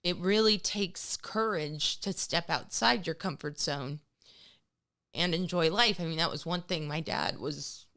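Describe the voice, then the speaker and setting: A woman's voice: fairly low pitch, a little slow, sharp tone. A middle-aged woman co-hosting a podcast, talking casually and emotionally, often quoting others. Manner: emotional, tearful at moments, quotes people in voices. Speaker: podcast co-host. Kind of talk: casual chat.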